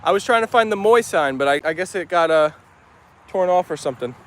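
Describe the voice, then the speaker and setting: High-voiced upbeat man hosting a livestream. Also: lively intonation, a little fast, a bit bright. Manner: upbeat, chatty, greets viewers by name. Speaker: livestream host. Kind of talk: casual livestream chat, reading viewer messages aloud. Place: outdoors in a yard with dogs and chickens.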